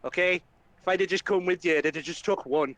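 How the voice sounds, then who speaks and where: A man's voice: high-pitched, fairly quick, no echo. A man voicing a rude, hard-drinking hero who swears and brushes people off. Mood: scornful. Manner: swearing, dismissive, loud.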